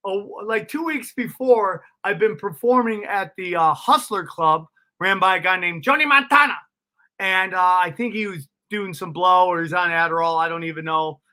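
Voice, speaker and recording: Male comic guest, high and sharp, animated, swears freely, spins casual anecdotes. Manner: animated, profane, laughs at his own stories. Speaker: comedian guest. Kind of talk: casual storytelling interview.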